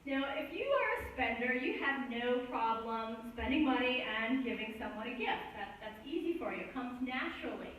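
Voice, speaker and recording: A woman's voice: fairly high pitch, lively intonation, moderate pace, few pauses, fairly bright tone. A woman co-preaching a sermon in a light-hearted way, laughing easily between points. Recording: echoey church hall from a distance, faint noise.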